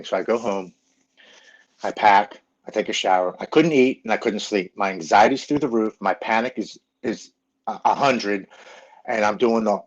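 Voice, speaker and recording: A man's voice: fairly low pitch, normal speed. A middle-aged man telling his own story frankly and bluntly, as a guest in an interview. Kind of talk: personal storytelling in a podcast interview. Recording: dull lo-fi recording.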